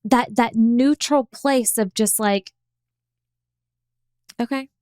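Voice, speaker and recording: A young woman hosting a podcast, coaching listeners in a chatty, animated way and acting out her own inner thoughts. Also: mid-range voice, measured pace, no echo. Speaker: podcast host. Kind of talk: casual coaching monologue.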